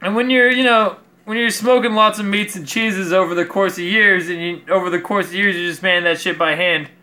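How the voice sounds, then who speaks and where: A man's voice: high voice, steady tone, fairly quick, pushed and bright. A man vlogging as he builds a craft project, rambling casually and swearing freely as he mocks himself. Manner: rambling, profane, self-mocking.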